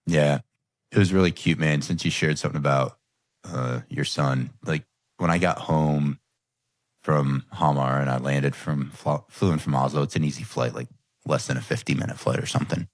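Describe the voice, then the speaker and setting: A man's voice: extremely low pitch, fairly even intonation, moderate pace, no echo, clean studio sound. A man hosting a coaching podcast, telling a personal story in a candid, reflective way. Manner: candid, reflective, quotes his own thoughts. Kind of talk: earnest conversational storytelling.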